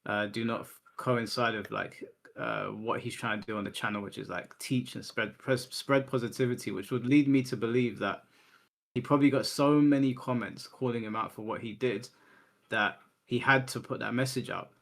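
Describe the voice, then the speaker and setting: A man in a casual gaming discussion, explaining his view step by step in a measured way. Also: medium pitch, fairly even intonation, creaky. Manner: measured, explanatory, reasoning things through.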